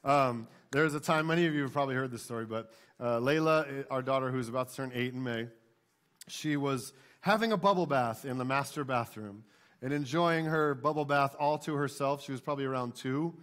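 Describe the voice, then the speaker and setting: A man in his thirties preaching a sermon in a church, talking to the congregation conversationally with frequent "right?" tag questions and animated storytelling. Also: medium pitch, brisk. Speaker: pastor. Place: church sanctuary.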